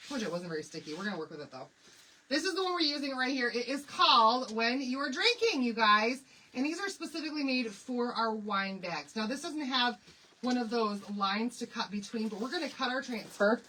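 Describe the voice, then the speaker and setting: Bright-voiced woman chatting with her viewers. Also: fairly high pitch, recorded from a distance, slight background noise, poor audio. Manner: animated, confiding, addresses viewers and commenters by name. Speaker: craft livestream host. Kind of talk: chatty storytelling while demonstrating a craft.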